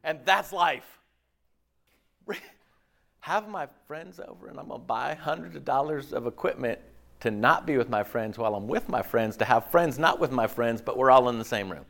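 A man preaching a sermon in an animated, rhetorical way, often checking in with the congregation. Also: mid-range voice, normal speed, vocal fry. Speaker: pastor.

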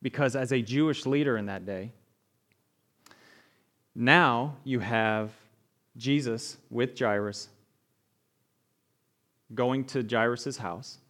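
A man's voice: mid-range voice, slow, long pauses. A male pastor giving a conversational sermon, often asking "right?" and acting out the people in the story. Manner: conversational preaching, asks the room "right?", animated retellings.

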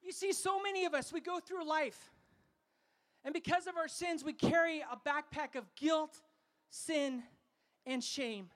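A man preaching a sermon to a festival crowd, fervent and calling for responses, sometimes rising to shouts. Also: very high voice, a little slow.

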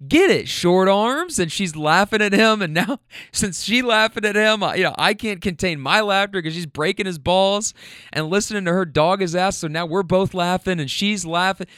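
A man casually telling a funny anecdote, animated and often laughing as he mimics the people in it. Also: high voice, moderate pace, clean tone, no room sound, studio quality. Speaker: storyteller recounting a rideshare trip.

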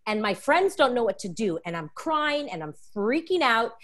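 A woman appearing as an interview guest tells a frank, confessional personal story, emotional and expressive, acting out the voices of the people in it. Her voice is on the high side at normal speed.

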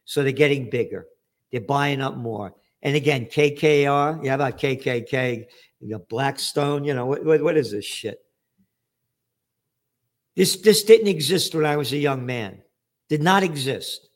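A man's voice: medium pitch, a little slow. An older man hosting an angry, profane commentary monologue, ranting sarcastically about the economy. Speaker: trend forecaster host.

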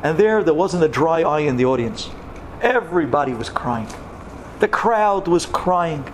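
Male rabbi narrator with a slightly high voice, dramatic delivery that drops to whispers, light noise behind. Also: expressive, measured pace. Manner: acts out voices, swings from loud to hushed whispers. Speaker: rabbi telling a story. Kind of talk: dramatic storytelling.

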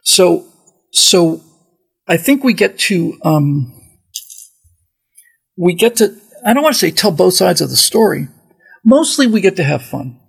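A man with a fairly high voice and a deeply gravelly, rasping texture. He hosts a podcast and talks casually, rambling through asides and restarts. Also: big pitch swings, a little slow, pauses often, a bit bright, low-quality recording. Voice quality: very gravelly, raspy voice. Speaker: podcast host. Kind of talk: casual monologue.

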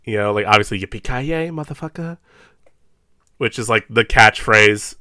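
A man's voice: on the low side, monotone, fairly quick, sharp tone, clear, resonant tone, dry recording, studio quality. A man co-hosting a casual movie talk, chatty and often repeating words as he starts a sentence. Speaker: podcast co-host.

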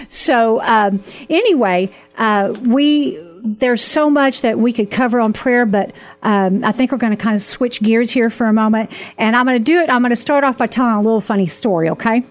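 A woman hosting a Christian talk show, telling stories in a chatty, animated way with frequent laughs. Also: fairly high pitch, normal speed. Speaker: host.

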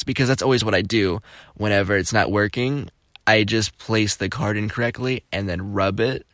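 Young man telling animated stories. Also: on the low side, no room sound, clean studio sound. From Florida. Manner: animated, exclamatory, jokey. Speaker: podcast host. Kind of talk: casual storytelling.

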